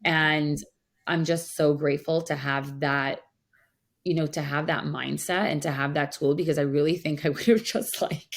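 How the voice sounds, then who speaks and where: A woman with a notably low-pitched voice co-hosts a counseling podcast, chatting casually. She tells her story in an animated way, peppering it with "like". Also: moderate pace. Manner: animated, frequent "like" fillers. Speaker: podcast co-host, mental health counselor.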